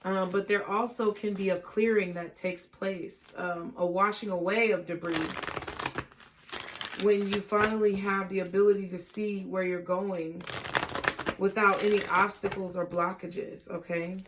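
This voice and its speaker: A woman giving a tarot reading, talking gently and reassuringly and often checking in with "okay?". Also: medium pitch, fairly even intonation, measured pace, background noise. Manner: casual, laughing and swearing at times. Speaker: tarot reader.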